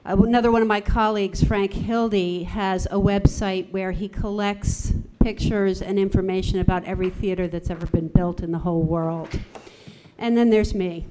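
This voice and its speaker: A middle-aged woman speaks at a university conference as a theatre voice coach. Her delivery is measured and articulate, often working through lists. Her pitch sits in an ordinary middle range. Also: fairly even intonation, noisy background. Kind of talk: conference talk.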